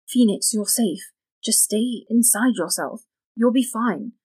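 A woman voicing a timid, apologetic middle-aged churchgoing mother who speaks gently. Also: fairly high pitch, slow, slightly rough.

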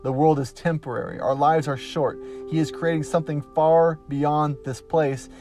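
Slow, earnest male preacher over soft guitar. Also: a little high, fairly even intonation. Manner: slow, earnest, emphatic with pauses. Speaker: podcast preacher. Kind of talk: devotional sermon.

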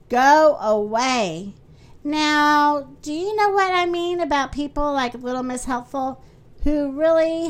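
A woman hosting a children's story podcast, reading a storybook aloud with lively character voices. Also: sits high.

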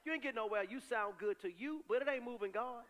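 A pastor delivers an animated sermon in a high, ringing voice. He talks. He moves between loud, rising calls and low, confiding asides. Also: fast.

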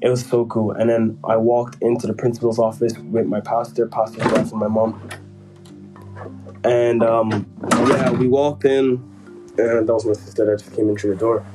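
A man in easy, casual conversation, rambling through a story with plenty of jokes and asides. His voice sits at an ordinary middle pitch, with faint music behind him. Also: flat delivery, normal speed, poor audio. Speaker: podcast co-host telling a story. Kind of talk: casual chat.

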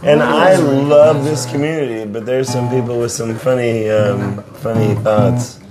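A man's voice: medium pitch, fairly even intonation, unhurried, music in the background. Laughing, rambling male host. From visitor often based in Seattle. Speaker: podcast host interviewing a musician. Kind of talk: casual chat.

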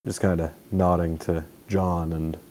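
A man playing a tabletop game, describing his character's actions in a relaxed way. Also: low-pitched, measured pace. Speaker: player. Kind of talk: tabletop role-play chat.

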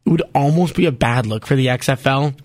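A man from Canada co-hosting a sports podcast, chatting casually in animated bursts with quick asides. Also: mid-range voice. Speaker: podcast co-host.

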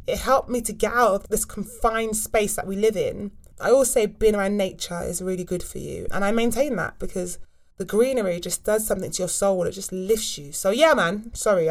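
Woman, mum vlogger, frank and animated casual advice. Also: medium pitch. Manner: chatty, frank and animated, with quick asides. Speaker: mum vlogger giving wellbeing tips. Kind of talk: casual advice chat to camera.

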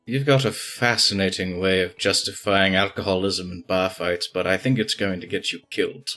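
Low-voiced man playing a tabletop game. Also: steady tone, normal speed, pushed and bright. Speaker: tabletop player.

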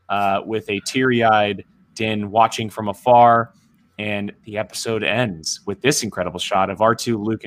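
A man hosting a casual recap chat, excited and swearing freely as he runs through a scene. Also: medium pitch. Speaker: podcast host.

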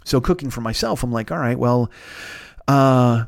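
A man's voice: medium pitch, normal speed, vocal fry, no room sound, studio quality. A man hosting a podcast, telling a rambling, profane, self-mocking story in casual chat, with bursts of laughter. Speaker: podcast host. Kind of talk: casual comedic monologue.

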